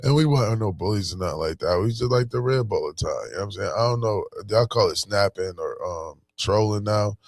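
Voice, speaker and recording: A man's voice: on the low side, brisk, creaky, hardly any pauses, dry recording, clean studio sound. A man from Buffalo with a Buffalo accent giving a casual motivational talk, slangy and full of "you know what I'm saying.". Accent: Buffalo, New York. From Buffalo, New York. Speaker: vlogger.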